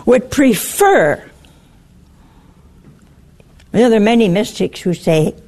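A woman preaching a sermon in a slow, emphatic way, her voice rising on exclamations. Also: a little high, a little mellow.

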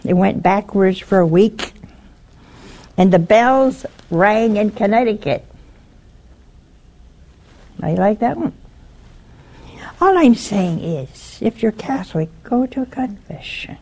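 A woman's voice: medium pitch, lively intonation, slow, long pauses, darkish tone. A woman on a broadcast network giving an informal religious talk. She issues an earnest warning and retells a story step by step.

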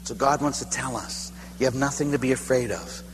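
A man's voice: mid-range voice, a little fast. A man, a priest, giving a retreat talk, telling a personal story with acted quotes and rising emphasis. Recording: echoey hall with long reverb and faint hum.

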